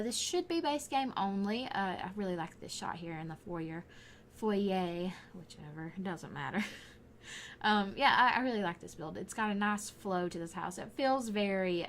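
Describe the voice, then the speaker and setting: Young woman, Southern Alabama accent, chatty rambling YouTuber commentary, with a faint hiss under the voice. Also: fairly low pitch. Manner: rambling, chatty, often laughing. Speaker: gaming YouTuber. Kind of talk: casual voice-over commentary.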